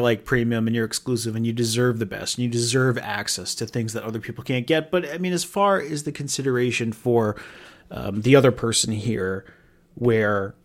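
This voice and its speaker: A man talks alone into the mic for his podcast in a loose, rambling monologue. He is wry and self-mocking and swears casually as he talks. His voice sits at an ordinary middle pitch. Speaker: podcast host.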